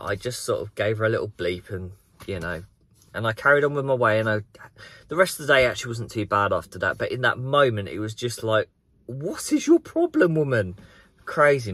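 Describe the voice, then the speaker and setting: A man, chatting to camera outdoors in a large garden in a lively, animated way as a gardening vlogger. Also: mid-range voice, no room sound. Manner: chatty and animated, acts out the story. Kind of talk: casual vlog to camera. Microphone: camera on a tripod.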